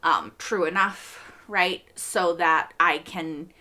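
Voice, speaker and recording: A young woman talks through a TV episode she just watched, in a casual, excitable reaction-video style. Her voice is bright and forward, and her speech comes in chatty bursts full of asides. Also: lowish voice, slow pace.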